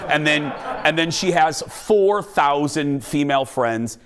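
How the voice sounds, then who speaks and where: A man hosting a talk show, telling funny stories in an animated, self-mocking way. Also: a little high, measured pace, a crowd in the background. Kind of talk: comic storytelling to a studio.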